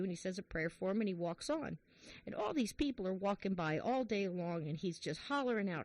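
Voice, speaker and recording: A woman hosting a podcast, chatting in a warm, emotional, chatty way and retelling a joke. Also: lowish voice, very animated, fairly quick, gravelly, no echo. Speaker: podcast host. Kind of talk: casual chat, retelling a joke.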